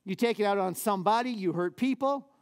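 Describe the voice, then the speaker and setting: A man, a pastor, preaching a lively sermon in a church with casual, conversational asides. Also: high-pitched, a little fast, clear, resonant tone.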